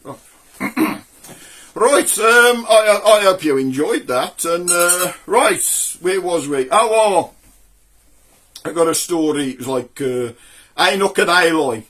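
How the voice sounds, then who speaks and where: A man's voice: sits high, expressive, takes it slowly, fairly bright tone. A man with a Black Country accent, hosting a comedy show and telling jokes in a chatty way. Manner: chatty joke-teller. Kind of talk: comic storytelling.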